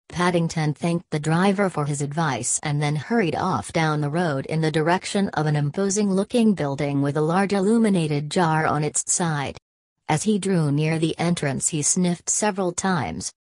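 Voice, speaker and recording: A woman reading a children's story aloud in a measured, expressive way. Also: deep voice, no room sound. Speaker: audiobook reader. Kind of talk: storybook narration.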